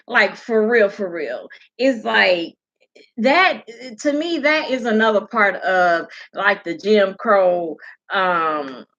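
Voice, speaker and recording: A woman's voice: medium pitch, pushed and bright, highs cut off. A woman hosting a casual livestream, ranting bluntly and with profanity while greeting viewers. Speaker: livestream host.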